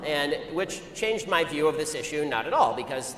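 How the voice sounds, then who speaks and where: A man telling a story to an audience in a rapid-fire, argumentative way. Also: fairly high pitch, lively intonation. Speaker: speaker addressing an audience. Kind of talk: anecdotal public talk. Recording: echoey hall with long reverb, faint ambient noise.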